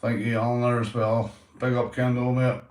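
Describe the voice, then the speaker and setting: A man's voice: medium pitch, level tone, moderate pace, a little mellow. A man with a Northern Irish accent chatting casually on a livestream, swearing freely and calling everyone mate. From Northern Ireland. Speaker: YouTube livestreamer. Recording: roomy echoey room sound.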